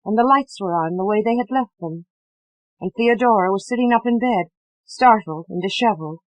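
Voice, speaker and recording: A woman audiobook narrator reading a novel with a measured, dramatic delivery that drops to hushed passages. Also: mid-range voice, dry recording, low-quality recording. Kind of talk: scripted literary narration.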